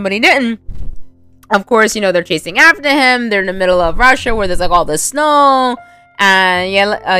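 A woman's voice: medium pitch, sharp tone, smooth. Rambling woman recapping a movie. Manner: rambling, many fillers, laughs often.

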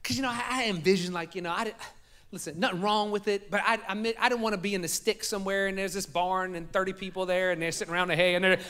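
Southern male pastor, high bright voice, lively storytelling sermon with asides to the congregation. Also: quick pace, smooth. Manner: animated, jokes with the congregation. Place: church sanctuary.

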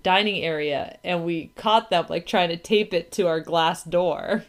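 A woman in her thirties co-hosts a podcast, chatting casually at a measured pace in a lowish voice. She's chatty, packing her speech with "like" and acted-out quotes and asides.

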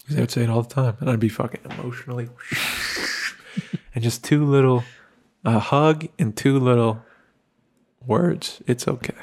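A man talking casually on a podcast, earnest and reassuring, swearing casually and slowing down to stress his points. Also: mid-range voice. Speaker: podcast co-host.

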